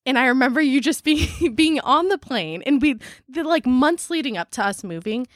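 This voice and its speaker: Young woman, casual studio guest, higher voice, laughs through her stories, dry close mic. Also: normal speed, dry recording. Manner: animated storyteller, laughs often, acts out quotes. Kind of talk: casual chat.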